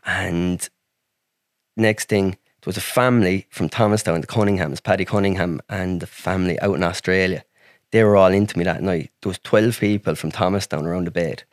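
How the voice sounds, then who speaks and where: Irish guy, fairly low voice, rambling and cursing a lot, podcast guest, dry close sound. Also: steady tone, fairly quick, no echo. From Ireland. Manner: rambling, heavy swearing, frequent "like". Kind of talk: casual storytelling.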